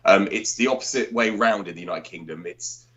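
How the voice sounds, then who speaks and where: Southern English man, very low voice, rambling casual explainer, dull lo-fi call audio. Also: brisk, fairly bright tone. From southern England. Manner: rambling, self-correcting explanations. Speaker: call-in guest. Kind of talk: casual group chat.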